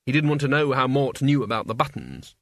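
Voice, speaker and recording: A man narrating a story aloud in an expressive, wry reading. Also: medium pitch, brisk, dry recording, clean studio sound. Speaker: audiobook reader. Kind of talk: scripted narration.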